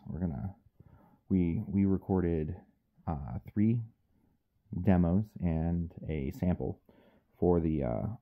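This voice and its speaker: A man's voice: low-pitched, dark tone, dry recording. A man who is a powerlifter and audiobook narrator, talking in a casual vlog with a wry, joking, self-deprecating manner.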